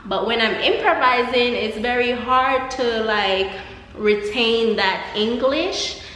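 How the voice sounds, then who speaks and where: A woman's voice: on the high side, slow, a bit bright, a little hiss or hum. A young woman with a Jamaican accent chatting casually as a vlogger, laughing often and rambling through asides. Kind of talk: casual chat. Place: empty apartment. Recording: echoey empty room.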